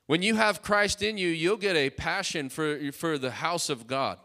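A man's voice: a little high, measured pace, sharp tone. Fervent preacher man with a raised voice. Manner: fervent, emphatic preaching with repeated calls to the congregation. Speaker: pastor. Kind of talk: sermon. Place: church.

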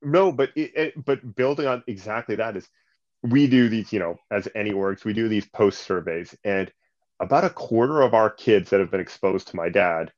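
A man in his late thirties, a basketball coach telling animated stories full of fillers and acted-out quotes. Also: on the low side, normal speed. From Canada. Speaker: basketball coach and nonprofit leader. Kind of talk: conversational storytelling. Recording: slightly muffled sound.

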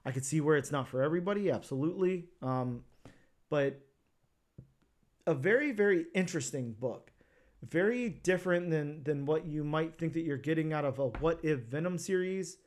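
A man's voice: fairly high pitch, animated, normal speed, darkish tone. Rambling man co-hosting a comics podcast. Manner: rambling, many restarts. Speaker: podcast co-host. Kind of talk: casual podcast chat.

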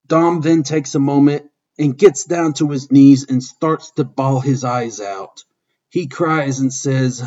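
A man narrating a fan-written wrestling story in a steady, plain reading voice, husky, on a dull lo-fi recording. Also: medium pitch, takes it slowly.

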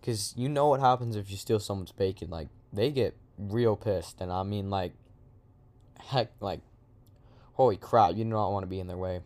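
A man's voice: lowish voice, moderate pace, a little mellow. A man improvising a silly comic story in a rambling, slangy way, with lots of asides.

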